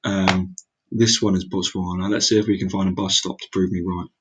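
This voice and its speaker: A man's voice: sits low, little pitch movement, brisk, noisy background. A young man muttering his way through a geography guessing game, exclaiming and mocking his own mistakes. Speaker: gaming video creator. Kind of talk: casual gameplay commentary.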